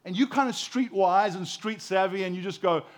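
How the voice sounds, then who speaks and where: Man in his forties, pastor delivering a sermon, fairly high voice, swings between loud and hushed, repeats words as he builds. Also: moderate pace. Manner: impassioned, swinging from loud emphasis to hushed tenderness.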